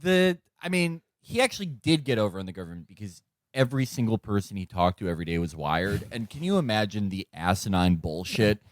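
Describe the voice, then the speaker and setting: A man riffing in casual podcast banter, jokey and animated, slipping into mocking voices. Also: lowish voice, a little fast, dry recording, clean studio sound. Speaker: podcast co-host.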